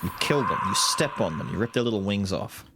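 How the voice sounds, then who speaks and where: A man's voice: fairly low pitch, animated, fairly quick, gravelly, heavy background noise. A man streaming a video game, giving casual commentary with crude, joking asides. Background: loud game music.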